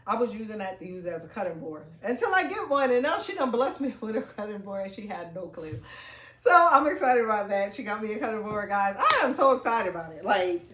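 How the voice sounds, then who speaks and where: A woman vlogging from home as she unboxes gifts, chatty and excitable, calling her viewers y'all. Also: mid-range voice, a little fast, reverberant. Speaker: family vlogger. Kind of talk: casual unboxing vlog. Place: home, indoors.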